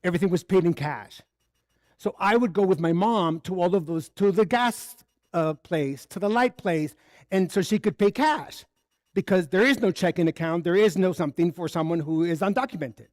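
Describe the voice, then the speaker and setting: The sermon comes from a spiritual speaker at a spiritual center service, told at a moderate pace through personal stories in a candid, conversational way, with the dialogue acted out. His voice sits high with a darkish tone, recorded in clean studio sound with no room sound.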